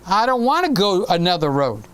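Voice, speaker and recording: A man's voice: high voice, big pitch swings, brisk, fairly bright tone, smooth. A man in his sixties hosting a casual live stream, rambling chattily and reading viewer comments aloud. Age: 60s.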